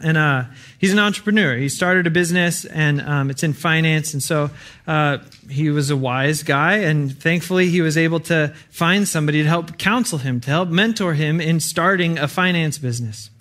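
A man's voice: a little high, normal speed, a bit bright. A young adult man preaching an earnest, conversational sermon with frequent fillers.

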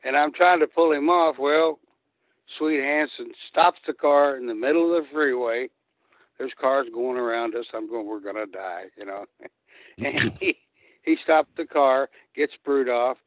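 A man's voice: medium pitch, measured pace, dry recording. Older man on a phone line. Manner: rambling, animated storyteller who acts out quotes. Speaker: guest, retired pro wrestler. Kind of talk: casual storytelling. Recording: tinny dry phone line.

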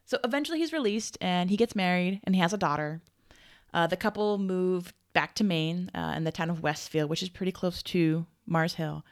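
Chatty podcast lady, says like a lot, kinda low voice. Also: normal speed. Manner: chatty, heavy use of "like". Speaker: podcast co-host. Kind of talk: casual true-crime storytelling chat.

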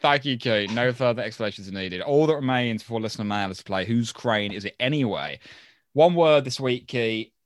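A man's voice: mid-range voice, brisk, dry recording. A man co-hosting a podcast, chatting casually and reading listener mail with dry, sarcastic jokes. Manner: dry, joking, sarcastic asides. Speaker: podcast co-host.

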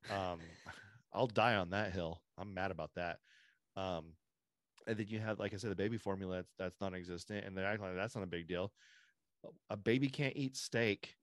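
Low-voiced guy hosting a podcast, rambly and opinionated, keeps restarting sentences, dry close mic. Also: moderate pace, dry recording. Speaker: podcast host. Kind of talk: casual political chat.

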